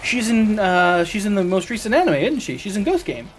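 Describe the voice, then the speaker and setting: A man's voice: high voice, very animated, brisk, soft background music. An American man casually rambling to viewers while streaming a video game, often correcting himself mid-sentence. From United States.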